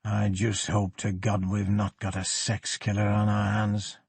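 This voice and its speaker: Man doing a gruff Yorkshire police chief. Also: on the low side, completely flat delivery, darkish tone, dry recording, heavily acted. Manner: blunt, unhurried, plain-spoken. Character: gruff older male Yorkshire police superintendent.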